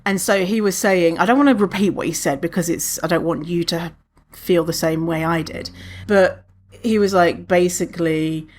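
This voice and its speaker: A woman's voice: fairly low pitch, moderate pace. A woman hosting a podcast, telling a story in a chatty, candid way and swearing freely. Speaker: podcast host. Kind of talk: casual storytelling monologue.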